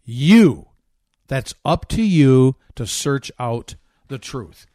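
A man's voice: medium pitch, very animated, drawn-out words, mellow, no room sound, studio quality. A man hosting a talk radio show, delivering a fervent, emphatic political monologue with a preachy edge, a bit out of breath.

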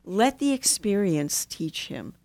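A woman therapist, a guest on a talk show, calmly telling a story and giving advice. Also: medium pitch, dry recording. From United States. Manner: calm, measured, instructive. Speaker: marriage and family therapist, guest. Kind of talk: casual interview chat, storytelling.

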